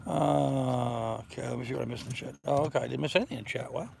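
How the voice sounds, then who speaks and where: A man's voice: mid-range voice, fairly even intonation, fast talker, creaky, a little mellow, slight background noise. An older man chatting casually on a live stream from his boat in a bay, telling rambling stories. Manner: rambling storyteller. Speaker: sailing vlogger.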